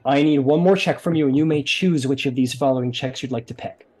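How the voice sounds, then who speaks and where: A man's voice: medium pitch, fairly quick, a little mellow. Casual, rambling man running a tabletop game. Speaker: game master.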